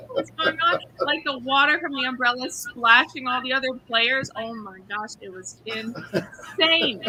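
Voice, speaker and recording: A woman's voice: high-pitched, normal speed, noisy background. A woman co-hosting a podcast, casually telling a casino story with many "like" fillers. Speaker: casino dealer, podcast co-host.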